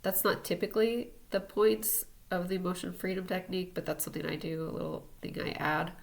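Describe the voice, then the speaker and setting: Low gravelly-voiced woman teaching. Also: brisk. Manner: relaxed, talks while demonstrating tapping on herself. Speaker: energy healing teacher. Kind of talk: casual instructional talk.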